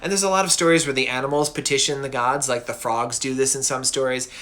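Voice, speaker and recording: A man's voice: medium pitch, steady tone, fast talker, fairly bright tone. A middle-aged man casually and goofily retelling a myth as host of a show. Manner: chatty, goofy, lots of fillers. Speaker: cartoonist hosting a myth show. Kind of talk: casual storytelling.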